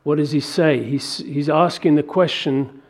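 Man, pastor, sermon, church, somewhat high voice, animated, acts out scripture. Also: a little slow, breathy edge. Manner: animated, acts out biblical dialogue in raised voice.

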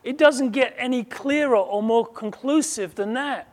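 Guy preaching a sermon, fairly high voice, takes his time, gets loud then drops quiet. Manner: emphatic, swings between loud declaring and quiet asides; slow, measured delivery with quoted voices acted out.

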